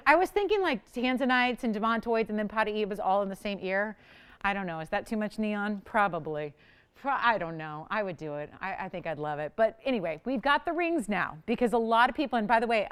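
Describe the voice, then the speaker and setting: A woman hosting a live home-shopping show, chatty and excitable, pushing urgency as she sells. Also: fairly high pitch, clear, resonant tone. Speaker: shopping channel host. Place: TV studio.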